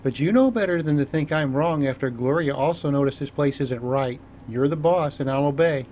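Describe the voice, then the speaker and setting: A man's voice: on the high side, a little fast, a little mellow, a little hiss or hum, close to an everyday voice. A man voicing a blunt, self-assured female scavenger. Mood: firm. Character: sharp-instinct female scavenger.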